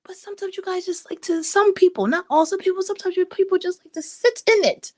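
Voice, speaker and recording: A woman in her thirties hosting a casual livestream chat, talking in an expressive, rambling way with frequent restarts and laughs. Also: quick pace, few pauses, dry recording. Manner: animated and expressive, pitch swinging high and low. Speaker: host.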